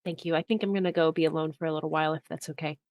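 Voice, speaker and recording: A woman playing in a tabletop role-playing game, answering in a relaxed, dry, understated way. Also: sits low, very fast, no room sound. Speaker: player. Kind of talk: casual tabletop game play.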